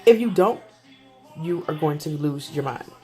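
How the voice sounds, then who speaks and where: A young adult woman, a mother, ranting casually to camera about parenting, animated and exasperated. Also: unhurried, soft background music. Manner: animated, exasperated, pitch jumps up for emphasis.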